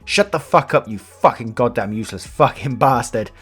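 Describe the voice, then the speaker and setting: A man voicing an enraged nineteen-year-old woman who shouts and swears at her father. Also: medium pitch, animated, moderate pace, slightly rough, soft background music, voice pushed up. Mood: furious.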